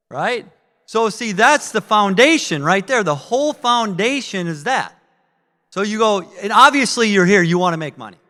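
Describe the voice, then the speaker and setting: A man giving a live sales training talk, energetic and asking the audience questions. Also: high voice, in a large hall. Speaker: network marketing trainer. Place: training event room with audience.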